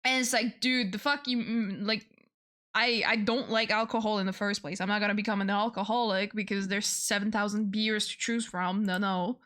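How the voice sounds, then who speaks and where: A woman's voice: mid-range voice, fairly even intonation, moderate pace, a bit bright. A young woman from France, chatting casually with viewers on a livestream, playful and swearing freely. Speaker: streamer.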